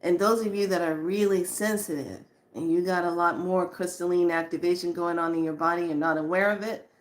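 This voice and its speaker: A woman giving a casual spiritual talk to viewers, chatty and animated, often laughing and slowing to a soft hush on calming lines. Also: fairly low pitch. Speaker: spiritual teacher.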